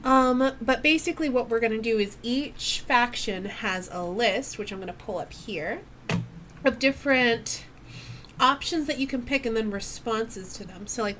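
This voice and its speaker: A woman facilitating a tabletop role-playing game on a stream, chatty and quick to laugh. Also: fairly high pitch, a bit bright, slight background noise. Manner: laughs often, chatty and upbeat.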